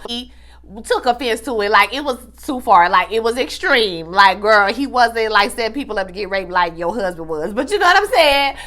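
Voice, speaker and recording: A young woman giving a casual, slangy TV episode recap, animated and acting out the characters' lines. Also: a little high, a little fast. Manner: animated, slangy, acts out dialogue. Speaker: TV recap vlogger.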